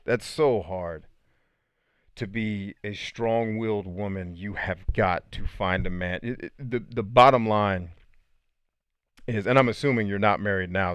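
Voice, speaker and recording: A man's voice: on the low side, a bit bright, clear, resonant tone, no echo. A man hosting a podcast and reading out live chat comments in a casual, slangy way, laughing often.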